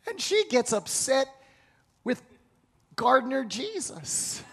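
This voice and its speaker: High-voiced animated male preacher. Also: slow, long pauses, husky. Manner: animated storytelling, acts out quoted voices, many restarts. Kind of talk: sermon.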